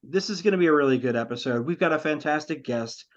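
A man's voice: a little high, animated, fast talker, muffled recording. A man co-hosting a podcast, chatting casually about a movie and retelling scenes with laughter. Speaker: podcast co-host.

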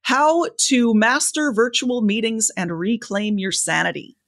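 A woman speaking coach giving advice as a podcast guest, expressive and lively, with a voice that moves up and down a lot. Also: a little slow. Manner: lively, varied pitch, expressive. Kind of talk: conversational interview.

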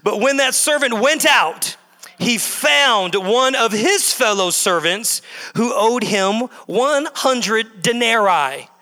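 A man's voice: very high voice, expressive, takes it slowly, bright, forceful tone, big-room sound. A male pastor preaching a sermon in a church, emphatic and repetitive, building his points in bursts. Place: church sanctuary.

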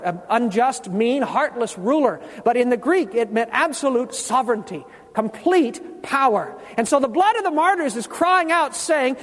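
A man preaching a sermon, quizzing his congregation with questions and repeating key words slowly for emphasis. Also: sits high, in a large hall.

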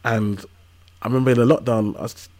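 A man in his thirties, a podcast guest who tells lively stories in casual slang. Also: mid-range voice, fairly quick. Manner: animated storytelling with casual slang. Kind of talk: casual conversational interview.

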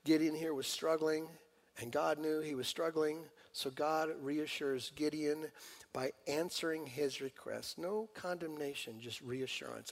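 A male pastor delivering an animated sermon with a fairly high voice. He swings from loud, urgent pleading to hushed, intimate asides and keeps talking straight to his congregation. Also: measured pace, vocal fry.

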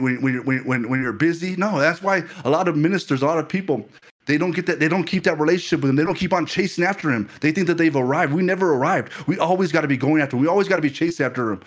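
A male pastor preaching a fervent sermon, often repeating himself and asking the listeners if they are still with him. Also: mid-range voice.

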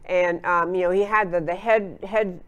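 A woman's voice: fairly low pitch, fairly even intonation, normal speed, clear, resonant tone. A woman hosting a political talk show, giving opinionated commentary in an emphatic way, with frequent fillers and restarts.

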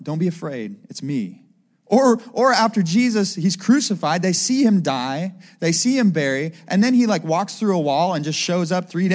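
Man, high voice, chatty preacher who keeps asking "right?" to check in with the congregation. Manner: conversational preaching, asks the crowd "right?" often. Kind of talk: sermon.

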